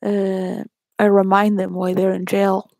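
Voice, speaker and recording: Gravelly-voiced woman telling wild stories. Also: medium pitch, completely flat delivery, a little slow, a little mellow, dry recording, clean studio sound. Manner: rambling, laughs often, frequent restarts. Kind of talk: candid personal storytelling.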